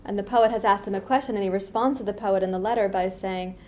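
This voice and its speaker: A middle-aged woman from the US East Coast, giving a reflective dharma talk as a meditation teacher, unhurried with lively asides. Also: medium pitch, a little hiss or hum.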